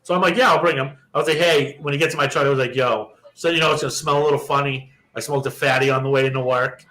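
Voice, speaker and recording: A young adult man, a podcast co-host, telling a profane, animated story and acting out the quoted lines in casual chat. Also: mid-range voice, fast, rough recording.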